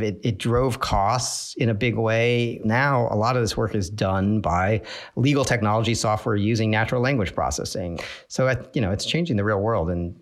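Male expert interviewee, fairly low voice, hesitant and filler-heavy. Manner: hesitant, uses many fillers. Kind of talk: explanatory interview clip.

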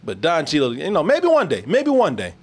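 A man's voice: on the high side, wildly swooping pitch, fairly quick. A man hosting a podcast in loose, profane casual chat, laughing often. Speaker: podcast host.

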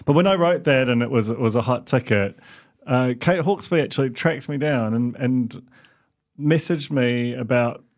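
A man's voice: medium pitch, normal speed. A man, co-hosting a podcast and telling rambling anecdotes in casual chat. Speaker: podcast co-host.

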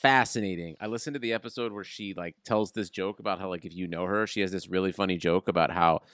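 A man's voice: deep voice, fast, fairly bright tone, no room sound, studio quality. A man co-hosting a podcast, chatting casually with sarcastic jokes. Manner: sarcastic, joking. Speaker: podcast co-host. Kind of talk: casual chat.

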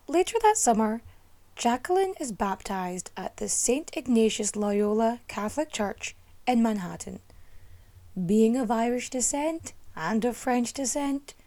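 A woman tells history stories in a loose, chatty way, breaking off for cheeky asides aimed straight at her listeners. Her voice sits a little high, with a mellow, warm tone rather than a bright one. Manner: chatty, playful asides to the audience; emphatic, teasing humour. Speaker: history storyteller host. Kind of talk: casual storytelling.

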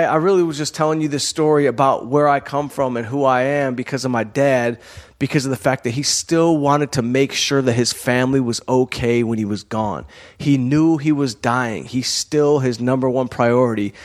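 A man hosting his own show, telling a personal story in a candid, conversational way, full of "you know" and "like.". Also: mid-range voice. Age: adult, college-educated comedian and performer. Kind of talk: casual storytelling monologue.

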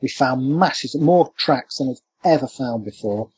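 A man, a cryptozoologist guest, telling stories in an animated, anecdotal way during an interview. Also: mid-range voice, a little slow, slightly rough. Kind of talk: storytelling interview. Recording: dull lo-fi remote line.

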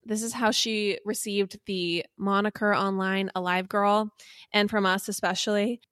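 A woman's voice: mid-range voice, fairly even intonation, measured pace, a bit bright, no echo, clean studio sound. A young woman co-hosting a podcast, telling a gossip story with playful teasing and theatrical emphasis. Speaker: podcast co-host. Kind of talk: casual chat, storytelling gossip.

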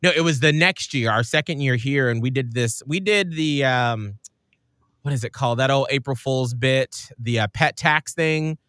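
A man's voice: medium pitch, moderate pace, no room sound, clean studio sound. A man, a radio show host, telling stories in casual chat and acting out the voices he quotes. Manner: animated, acts out quoted voices.

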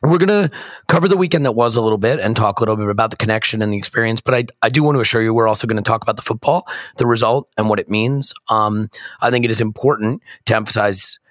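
A man hosting a sports podcast with a hoarse, croaky voice, chatting casually and self-deprecatingly from a hotel room. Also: on the low side, fast, dry recording, clean studio sound. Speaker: podcast host. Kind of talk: casual chat.

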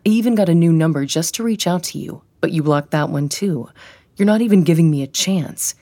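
A woman reading an audiobook, voicing a smug, pushy man who keeps justifying himself in a glib, quiet way. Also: sits low, a little fast, no room sound. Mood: pleading. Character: male ex-boyfriend, smug, pushy, self-justifying.

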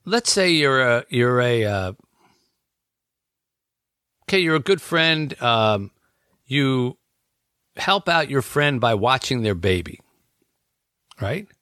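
A man's voice: mid-range voice, animated, takes it slowly, pauses often, sharp tone, clear, resonant tone, no echo, studio quality. A man talking as an author about his book, in an earnest, reflective conversation that he fills with everyday examples.

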